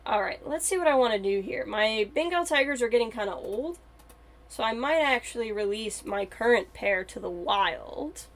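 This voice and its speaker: A woman's voice: a little high, lively intonation, normal speed. A woman streamer chatting casually and thinking aloud as she plays a game on a live stream.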